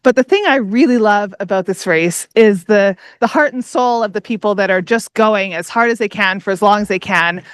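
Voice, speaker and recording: A woman's voice: mid-range voice, moderate pace, hardly any pauses, smooth, no room sound. Canadian woman in her 30s, live race commentary, bubbly and chatty, laughs a lot, dry close sound. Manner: enthusiastic, chatty, laughs often. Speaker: livestream commentator. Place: outdoor aid station.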